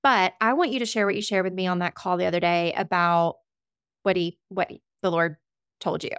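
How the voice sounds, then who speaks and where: A woman's voice: lowish voice, steady tone, brisk, a bit bright, clear, resonant tone, dry recording, studio quality. A woman hosting a podcast interview, speaking in an encouraging, faith-centered way as she sets up her guest's story. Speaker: podcast host.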